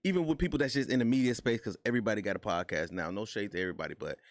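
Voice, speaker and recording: A man hosting a casual interview, easygoing and quick with affirming interjections. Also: lowish voice, dry recording. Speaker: host.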